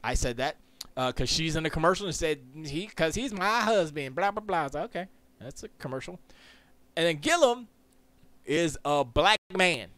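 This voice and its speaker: A man hosting a casual solo podcast, talking in an animated, rambling, jokey way full of quick asides. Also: fairly high pitch, dry recording. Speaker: podcast host. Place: Florida. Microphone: close studio mic.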